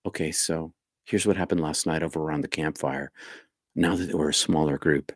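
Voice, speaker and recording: A man leading a casual spiritual live stream, reading viewer comments and musing in a rambling, halting, reflective way. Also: a bass voice, fairly even intonation, no room sound, studio quality.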